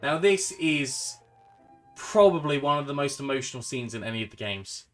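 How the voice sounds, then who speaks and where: A man's voice: medium pitch, expressive, moderate pace, fairly bright tone. A man giving casual, heartfelt gameplay commentary as a channel host, rambling and trailing off into fillers. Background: game music.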